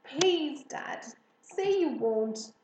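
A woman's voice: on the high side, animated, a little slow, reverberant, noisy background. A woman playing an earnest young farm girl.

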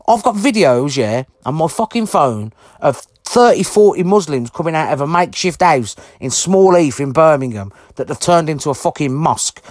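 A man's voice: on the high side, no echo, studio quality. A man delivering an angry, heavily sworn ranting monologue to camera, blunt and indignant. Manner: heavy swearing, blunt and indignant.

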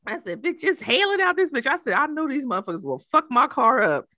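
A woman's voice: high voice, fast, dry recording, studio quality. A woman co-hosting a podcast in casual chat, telling stories animatedly, acting out quotes and swearing a lot. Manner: animated storyteller, profane, acts out quotes. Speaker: podcast co-host.

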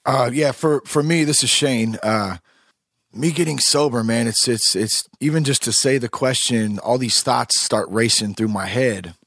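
A man at a mid pitch speaks as a guest on a podcast panel. His talk is relaxed and halting, with fillers, and his voice sounds dry with little room echo. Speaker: podcast guest and fellow host. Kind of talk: casual panel chat.

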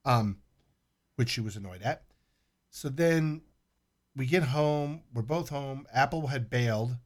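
Middle-aged man, casual chat, profane, animated storyteller, mid-pitched voice. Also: slow.

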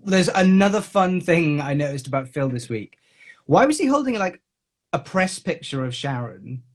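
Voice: mid-range voice, very animated, moderate pace. A podcast co-host chatting casually, teasing and giggling often. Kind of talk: casual chat.

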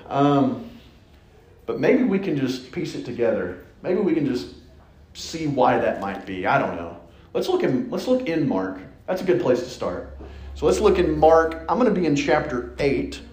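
A man preaching a lively, playful sermon in a church. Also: fairly high pitch. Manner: animated, playful, acts out voices. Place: church sanctuary. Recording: echoey church room.

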